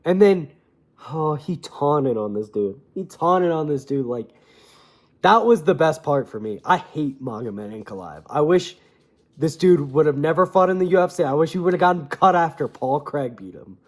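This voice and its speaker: A young man giving casual, opinionated fight commentary, animated and swearing freely. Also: fairly high pitch, moderate pace. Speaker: MMA commentator.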